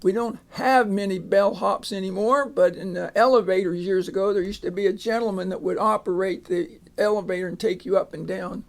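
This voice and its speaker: A man's voice: high voice, fairly even intonation, fairly quick, gravelly, hardly any pauses. A man teaching a phonics lesson, patiently sounding out words and repeating each one. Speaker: reading teacher.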